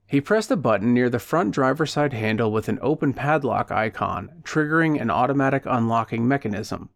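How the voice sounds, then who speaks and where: A man narrating a dark short story in a steady, even storytelling voice. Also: mid-range voice, brisk, creaky. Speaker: audiobook narrator. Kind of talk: scripted narration.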